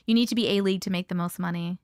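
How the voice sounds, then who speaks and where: A woman's voice: fairly low pitch, fairly even intonation, racing, a little mellow, dry recording, studio quality. A woman hosting a live stream, chatting casually and rambling, swearing freely and thanking viewers by name as she reads their comments. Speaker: host of a live stream reading viewer stories.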